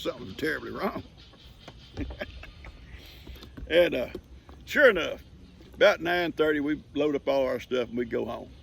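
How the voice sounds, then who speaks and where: A man's voice: fairly high pitch, vocal fry, fairly bright tone, slight background noise. An older man, chuckling as he tells a folksy story on his farm. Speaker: vlogger. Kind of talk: casual storytelling. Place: outdoors on a farm.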